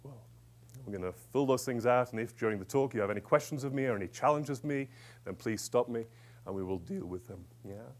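An author and executive coach gives a lively, conversational talk to a live audience, telling stories and checking in with listeners along the way. His voice is medium in pitch and fairly quick.

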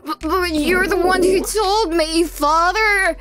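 A woman's voice: very high-pitched, takes it slowly, music in the background. A woman voicing a flustered young noble son, whiny and defensive. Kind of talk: live manga reading with voices.

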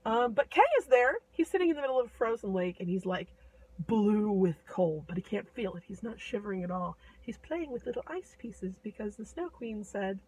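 A woman's voice: medium pitch, lively intonation, moderate pace, darkish tone, husky, far from the mic, low-quality recording. A woman casually retelling a fairy tale in a chatty, irreverent way, full of fillers. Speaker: storyteller.

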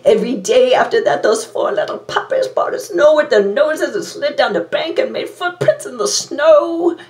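A woman reads a storybook aloud as a vain, glamorous villainess, campy, self-admiring and theatrical. Her voice sits high and sounds animated, with a darkish tone at normal speed. The recording is roomy and distant.

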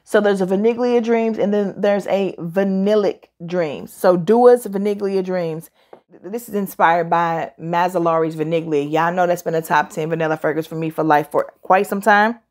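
A tired, chatty woman in her forties who talks fast and gives opinionated reviews in a casual vlog. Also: fairly low pitch, darkish tone. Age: 40s. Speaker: fragrance reviewer.

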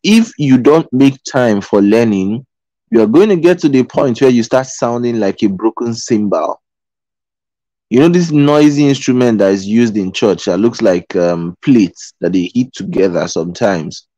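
A man's voice: medium pitch, animated, measured pace, dark tone, no echo, highs cut off. A man giving a live-streamed motivational talk, earnest and pleading, who repeats his phrases and keeps checking in with his listeners. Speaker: motivational speaker. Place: in Qatar.

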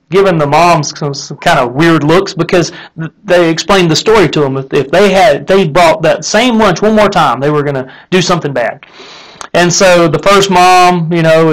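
A man hosting a casual faith talk, telling an illustration with lively acted-out characters and then drawing the lesson from it. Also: fairly high pitch, normal speed, rough recording. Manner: animated storyteller, acts out the characters in the story. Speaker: host of a live Christian talk stream.

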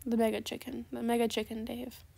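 A woman giving chatty, sarcastic commentary over a trading game, gushing with gasps and dropping into soft asides. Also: fairly high pitch, little pitch movement, brisk, creaky, husky. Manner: chatty, calls viewers "besties". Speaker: gaming video creator. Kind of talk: casual gameplay commentary.

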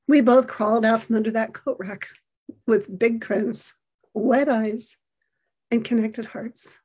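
A middle-aged woman giving an earnest, expressive storytelling talk, acting out the lines of the people in it. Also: fairly high pitch, slow, husky.

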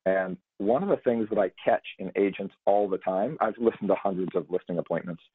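A man's voice: low-pitched, a little fast, slightly rough. A man guest on a podcast, explaining sales talk and acting out example lines, heard over a tinny, dry line. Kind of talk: podcast conversation.

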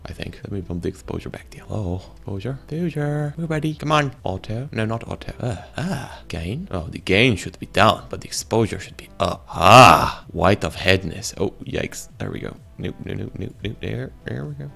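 Low, gravelly man rambling at his webcam. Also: a bit bright. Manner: rambling, self-mocking, talking to himself while adjusting camera settings. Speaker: YouTuber. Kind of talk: casual webcam vlog.

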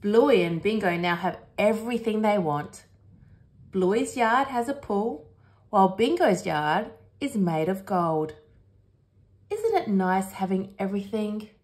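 A woman educator reading a children's picture book aloud in a clear, unhurried way. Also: medium pitch, expressive, darkish tone.

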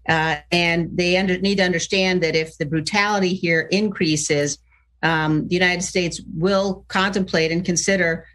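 A middle-aged woman, a politician in a television interview, answering in a measured way with frequent pauses and filler sounds. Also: fairly low pitch, fairly even intonation, fairly bright tone.

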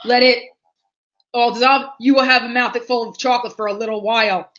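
High, bright animated woman reviewing candy. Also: a little fast. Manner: animated, exaggerated, talks to viewers. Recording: dull lo-fi livestream audio.

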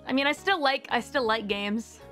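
A woman's voice: a little high, moderate pace, faint music behind. Chatty young woman rambling animatedly. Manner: rambling, animated, with playful put-on voices. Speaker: streamer host. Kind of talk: casual chat.

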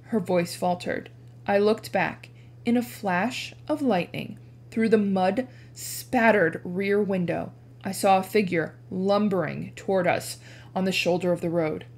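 A woman teacher reading a chapter book aloud with expressive narration. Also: a little slow. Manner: animated, changes pitch for dialogue.

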